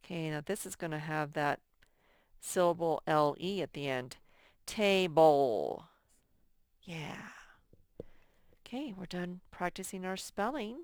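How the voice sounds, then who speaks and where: A woman teacher talks young children through their spelling words, breaking each one into syllables at an unhurried pace. Her voice is smooth and somewhat low, with a dry, close sound. She speaks plainly and patiently. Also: animated, no room sound. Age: adult. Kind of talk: first-grade spelling lesson.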